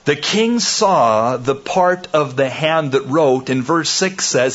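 Male preacher mid-sermon, slow and measured, bursts into loud dramatic emphasis, dull lo-fi tape. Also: mid-range voice, lively intonation. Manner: slow, deliberate phrasing. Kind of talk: expository sermon.

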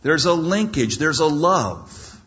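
A man's voice: on the high side, expressive, slow pace, a bit bright, highs cut off. A man preaching a sermon with dramatic storytelling and jokes.

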